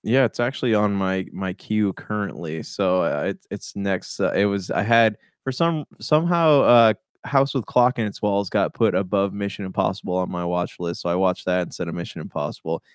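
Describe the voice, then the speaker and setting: A man's voice: sits low, normal speed, hardly any pauses, clean tone, dry recording, clean studio sound. A man co-hosting a casual movie review chat, laid-back and hesitant, often saying "man". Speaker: movie podcast co-host.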